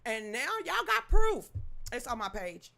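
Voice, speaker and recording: A Southern woman hosting a livestream in a gossipy, teasing chat. Her bright voice swings widely up and down as she laughs loudly and often and greets viewers by name. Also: on the high side, very animated, unhurried, creaky, a little hiss or hum. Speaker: livestream host.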